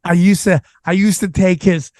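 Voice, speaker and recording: Podcast host, male, high voice, dry close sound, lively storyteller who acts out quotes. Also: normal speed, no room sound. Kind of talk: casual storytelling chat.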